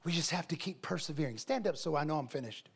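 A middle-aged man preaching a sermon as pastor, animated, acting out conversations from his stories. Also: a little high, fast talker, gravelly, husky.

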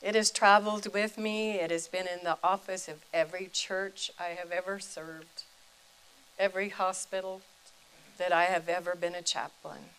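An older woman, a retired chaplain and preacher, telling a personal faith story in a deliberate, reflective way. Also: fairly low pitch, steady tone, a bit bright, clean tone, low-quality recording.

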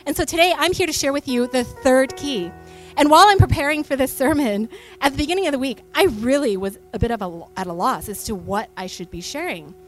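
A woman's voice: high-pitched, fairly quick, soft background music. A woman in her thirties preaching a sermon in a church, speaking into a stage microphone in a chatty storytelling way with many fillers. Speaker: pastor.

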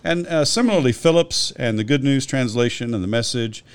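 Man, scholarly Bible discussion, lively up-and-down intonation, explanatory and methodical. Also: medium pitch, a little fast, clear, resonant tone. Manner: scholarly, explanatory, with frequent restarts and citations. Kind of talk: conversational podcast discussion.

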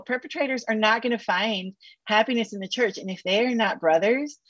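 A woman counselor talking on a podcast with sassy, animated asides and casual slang. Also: fairly high pitch, a little fast, slightly rough, dry recording, highs cut off. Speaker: counselor guest. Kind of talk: podcast interview.

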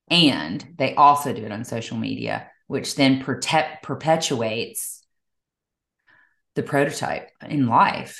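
Low-voiced, slow, musing woman. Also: creaky, a bit bright, echoey room. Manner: musing, rambling with many restarts. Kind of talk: casual conversational chat, sometimes reading aloud.

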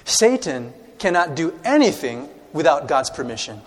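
A man preaching a sermon, reading scripture aloud and putting questions to his congregation in an animated way. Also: fairly high pitch, normal speed, in a large hall. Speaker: pastor.

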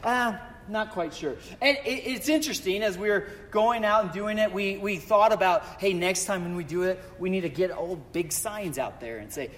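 A man preaching a sermon in a chatty, animated way, telling a story and asking rhetorical questions. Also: high voice, normal speed, hardly any pauses. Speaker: pastor. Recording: long reverb of a hall.

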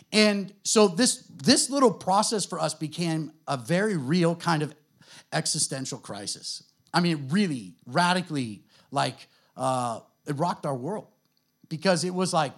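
A middle-aged man with an American accent, a guest pastor telling his story to a church in a relaxed, conversational way, full of fillers. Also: on the high side, normal speed. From United States. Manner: conversational, self-deprecating, many fillers.

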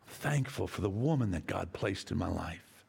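A man pastor preaching a sermon to his church, dropping soft and low then rising to loud calls. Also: lively intonation, moderate pace, vocal fry, breathy edge.

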